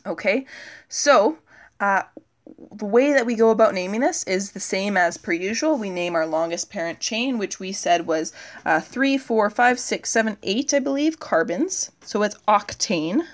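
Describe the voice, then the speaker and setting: A woman teacher giving a recorded chemistry lesson, thinking aloud as she writes on the board and filling pauses with "okay" and "uh". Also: medium pitch, animated.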